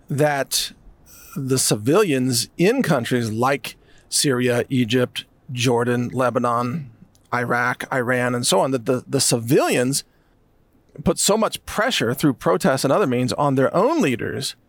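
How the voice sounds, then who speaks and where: A man's voice: mid-range voice, vocal fry, no echo. A man delivering an emphatic, sarcastic commentary monologue. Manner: emphatic, sarcastic, mocks others in put-on voices. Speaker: political commentator.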